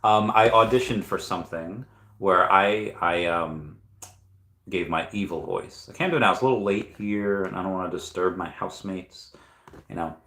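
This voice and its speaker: A man's voice: low-pitched, moderate pace, pushed and bright, echoey room. A man hosting a casual livestream from home, reading viewer comments aloud and thinking aloud with lots of fillers. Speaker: crypto livestream host. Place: room at home at night.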